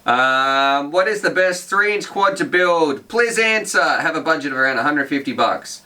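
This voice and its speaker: A man's voice: on the high side, animated, moderate pace, sharp tone, recorded from a distance. A man hosting a casual drone Q&A, reading out viewer questions. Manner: reads viewer questions aloud, chatty. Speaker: host. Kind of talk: casual Q&A chat.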